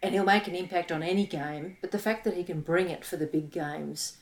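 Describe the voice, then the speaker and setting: A woman's voice: fairly low pitch, fairly quick. A woman with an Australian accent co-hosting a sports podcast, reading listener comments with enthusiasm. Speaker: podcast co-host. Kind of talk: casual sports chat.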